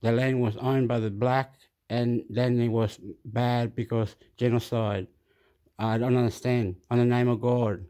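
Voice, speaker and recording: Holding his phone, a man vlogs a reaction to the news in a rambling, casual monologue, losing his train of thought, interrupting himself and repeating phrases. His voice is medium-pitched and mellow.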